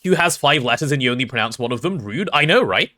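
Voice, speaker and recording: A young English man casually chatting on a gameplay livestream, reading chat aloud and joking, quick to apologize. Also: medium pitch, animated, sharp tone. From England.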